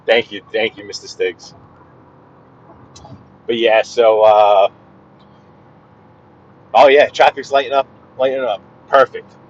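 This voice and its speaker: A man's voice: lowish voice, steady tone, slow pace, long pauses, highs cut off, a little hiss or hum. Chatty New man driving. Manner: chatty, talks to chat viewers, stumbles and repeats words. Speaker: live-streaming driver vlogger. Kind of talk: casual live-stream chat while driving. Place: inside a car on the highway.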